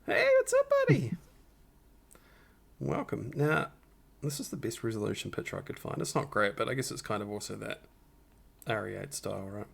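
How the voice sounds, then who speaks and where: A man hosting a live stream with a rough morning voice, casually talking viewers through a Photoshop edit step by step. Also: fairly low pitch, brisk, a bit bright. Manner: talks the viewers through each step, upbeat and encouraging. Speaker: stream host doing a Photoshop tutorial.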